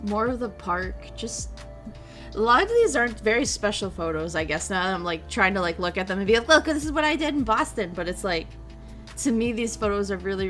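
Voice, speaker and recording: A woman chatting on a stream in a loose, rambling way, giggling often and swearing without a second thought. Her pitch sits in an ordinary middle range. Soft music plays faintly underneath her talk. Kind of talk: casual chat.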